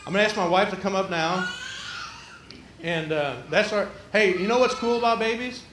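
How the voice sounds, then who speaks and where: A man's voice: high voice, moderate pace, a bit bright, slight background noise. A man preaching a sermon, folksy and conversational, with a church's roomy echo. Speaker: pastor. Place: church sanctuary.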